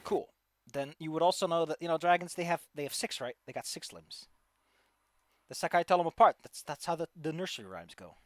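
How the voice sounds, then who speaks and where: A man's voice: on the high side, animated, fairly quick, dry recording. Rambling man running a tabletop game. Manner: loose and rambling, lots of "like" fillers. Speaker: game master.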